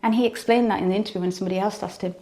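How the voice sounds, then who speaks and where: A woman's voice: medium pitch, steady tone, rapid-fire, warm tone. A woman giving an earnest personal devotional testimony, often repeating phrases for emphasis. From United Kingdom.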